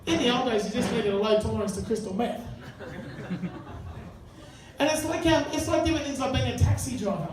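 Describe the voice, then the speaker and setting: Crude stand-up comic, echoey pub. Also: male voice, very high voice, a little fast, long pauses. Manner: crude, conversational, banters with the crowd. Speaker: stand-up comedian. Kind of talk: stand-up comedy set. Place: live pub venue. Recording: echoey room, mic far off. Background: audience laughter.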